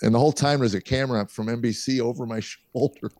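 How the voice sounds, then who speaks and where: Guesting on a podcast, a middle-aged man, a comedian from a small town south of Chicago, USA, spins lively anecdotes and performs the voices of the people in them. He speaks quickly at a medium pitch, with no echo on the recording.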